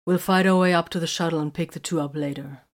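A stern, cool sergeant, as a woman reads him out, speaking in curt, deliberate commands. The voice sits low, and each order is delivered slowly and firmly. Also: steady tone, close to an everyday voice. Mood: curt, commanding.

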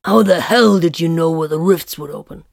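A woman voicing a gruff, flat-spoken male battle priest with a curt, deadpan manner in an audiobook story. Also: deep voice, moderate pace, no room sound, clean studio sound.

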